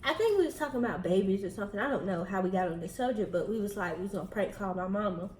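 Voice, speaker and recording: A woman's voice: medium pitch, animated, racing, a little mellow, reverberant, slight background noise, low-quality recording. A young woman with a Southern US accent, a bit out of breath, chatting casually with viewers while eating. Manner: chatty, addresses viewers directly. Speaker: vlogger host.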